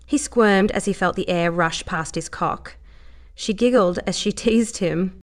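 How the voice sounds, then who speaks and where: A woman reads a story aloud at an even, measured pace. Her voice sits a little lower than usual for a woman. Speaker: narrator.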